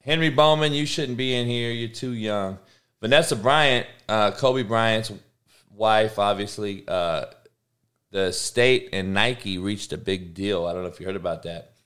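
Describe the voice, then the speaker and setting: A man's voice: fairly low pitch, a little slow, a bit bright. Profane slangy podcast host man. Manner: profane, slangy, talks back to chat. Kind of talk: casual live-stream chat.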